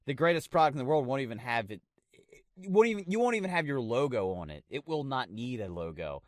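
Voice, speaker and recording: A man's voice: medium pitch, quick pace, no room sound, clean studio sound. A man co-hosting a casual podcast, swearing a lot and acting out little voices as he tells stories. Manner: profane, animated, acts out voices in quotes. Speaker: podcast co-host.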